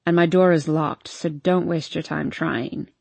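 A woman voicing a moody, brooding young man who speaks in low, curt murmurs in an audiobook. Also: steady tone, a little slow, creaky, a little mellow, breathy edge, dry recording, heavily acted. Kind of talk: audiobook character voice.

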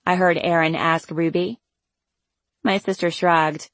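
A woman's voice: fairly low pitch, steady tone, measured pace, a bit bright, dry recording. A woman narrating a novel in the first person with a casual, wry storytelling manner. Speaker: audiobook narrator.

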